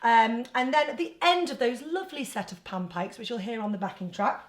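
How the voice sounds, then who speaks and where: A woman's voice: a little high, big pitch swings, brisk. A woman with an English accent leading an online choir lesson, explaining each part in a chatty, teaching way. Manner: chatty teaching, breaks into singing phrases. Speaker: choir leader. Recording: roomy sound over backing music.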